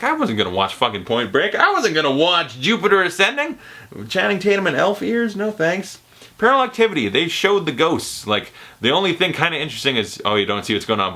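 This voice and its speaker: A man's voice: medium pitch, bright, forceful tone. A young man ranting through a casual movie review, profane and sarcastic, laughing often.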